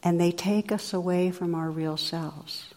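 A woman's voice: on the low side, steady tone, a little slow, darkish tone. A woman meditation teacher giving a reflective, conversational dharma talk in a meditation hall, with frequent fillers. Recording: long hall reverb.

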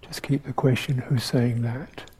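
Older male meditation teacher; reflective dharma talk, dark and mellow tone, slow delivery. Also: medium pitch, steady tone, breathy edge, rough recording. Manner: slow, reflective, with pauses and soft hums.

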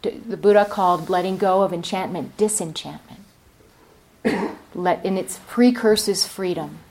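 A woman's voice: lowish voice, unhurried, darkish tone. A woman meditation teacher giving a dharma talk at a retreat center, reflective and telling a story. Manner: reflective, storytelling, many fillers.

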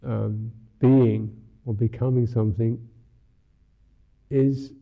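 A Buddhist monk teacher giving a dharma talk in a musing, unhurried, wry way, often saying "you know". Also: male voice, medium pitch, husky. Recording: tinny lo-fi talk recording.

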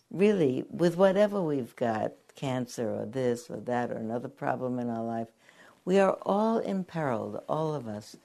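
An older woman speaks in a very deep, low voice as she gives a dharma talk. She tells stories gently, pausing often and reaching for her words with small fillers. Her tone stays unhurried and reflective. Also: gravelly. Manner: gentle storytelling with many pauses and fillers. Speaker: meditation teacher. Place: meditation hall.

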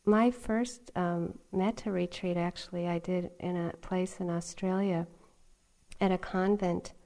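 A middle-aged woman teaching meditation in a dharma talk, her voice a touch low. She speaks gently, breaks into soft laughter and drifts into storytelling. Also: fairly even intonation, measured pace. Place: retreat meditation hall.

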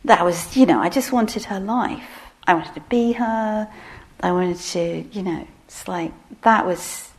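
A middle-aged woman giving a relaxed meditation talk, soft-spoken and self-deprecating with frequent laughter. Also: on the low side, a little slow. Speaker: meditation teacher.

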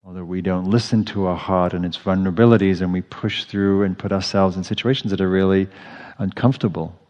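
A man giving a dharma talk as a meditation teacher in a meditation hall, speaking gently and reflectively, often restarting his phrases. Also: low-pitched, fairly even intonation, fairly quick. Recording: dull audio with long hall reverb.

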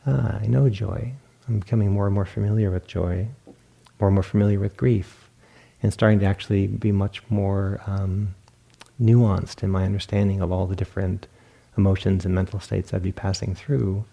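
A man with a low, gravelly voice gives a meditation talk in an easygoing, reflective way. His tone is dark and mellow, and he tells stories with small self-amused laughs. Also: little pitch movement, normal speed, dull audio. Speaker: meditation teacher. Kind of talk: dharma talk at a retreat. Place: meditation hall.

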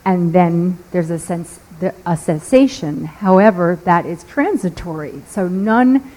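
Earnest woman student, low voice. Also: measured pace, dark tone, rough recording.

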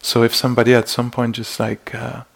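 Gravelly-voiced male meditation teacher. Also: mid-range voice, monotone, a little fast. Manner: gentle, searching, many restarts and acted-out inner exclamations. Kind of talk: dharma talk. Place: meditation retreat hall.

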